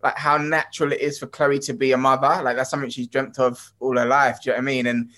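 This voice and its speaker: A man's voice: mid-range voice, level tone, fast talker, sharp tone. A young man in casual chat, speaking in a reflective, earnest way. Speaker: guest.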